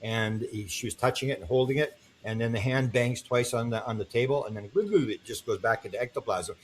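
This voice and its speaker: With a slight hiss or hum on the recording, an older man speaks briskly in a mid-range voice. He's an animated storyteller on an interview podcast, relating long tales and acting out each quoted voice.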